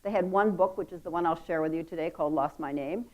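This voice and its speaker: A woman's voice: deep voice, fast, darkish tone, poor audio. A woman giving a conference talk, telling a story with playful asides and laughter. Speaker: conference speaker. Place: conference hall.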